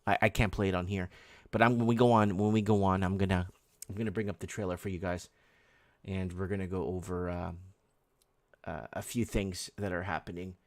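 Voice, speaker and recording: A man's voice: low-pitched, level tone, fairly quick, no room sound. Rambling, sarcastic man hosting a live stream. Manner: rambling, conspiratorial, sarcastic, full of restarts; reads headlines and chat messages aloud. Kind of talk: casual live-stream chat.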